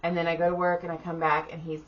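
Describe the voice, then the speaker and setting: Quick-paced and fairly low-pitched, a middle-aged woman co-hosting a podcast gives a weary, profane retelling in casual chat, slipping into the voices of the people she describes. She sounds exhausted, and the audio is slightly dull with faint room noise.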